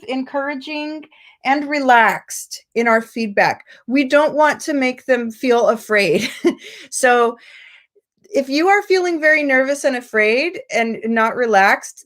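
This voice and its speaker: American lady teaching teachers online, kinda high voice, patient and clear, pitch hops up on examples. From United States. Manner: patient, explanatory, lively rising pitch on example prompts. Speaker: teacher trainer. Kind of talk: online lecture.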